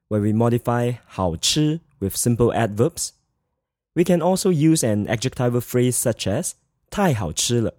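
A man teaches a scripted grammar lesson with a mellow, warm tone. His pitch moves a lot as he explains, and he slows down to repeat the example phrases. The sound is dry and close, with no room echo. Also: lively intonation. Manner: measured, slow model phrases with repeats. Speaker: Mandarin teacher.

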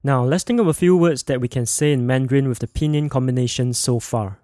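Man with a dry, close sound, teaching clearly. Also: mid-range voice, mellow, dry recording. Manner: slow, clear modeling of sounds for repetition. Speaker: language teacher and podcast host. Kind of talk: scripted podcast language lesson.

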